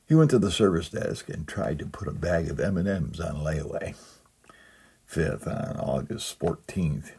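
Male pastor, very deep and gravelly-husky, storytelling sermon with a chuckle. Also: darkish tone. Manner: humorous storytelling, chuckles at own jokes. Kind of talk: sermon with a humorous reading.

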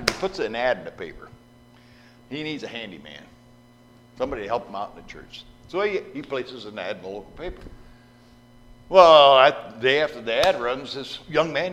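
A man preaching a storytelling sermon into a microphone, animated and acting out the voices in his stories. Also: medium pitch. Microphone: microphone at a lectern. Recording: reverberant hall with faint hum.

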